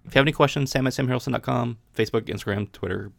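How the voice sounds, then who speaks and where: This male podcast host talks very fast in a medium-pitched, creaky voice, and the studio-quality audio has no echo. He reads Bible passages aloud and casually talks them through, often restarting.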